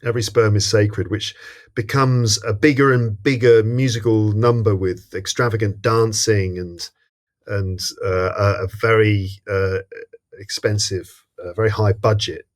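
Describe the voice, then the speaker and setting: An English man hosts a film podcast and walks through scenes like a storyteller, relaxed and amused. His voice is on the lower side and unhurried. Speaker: podcast host. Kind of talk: casual film discussion.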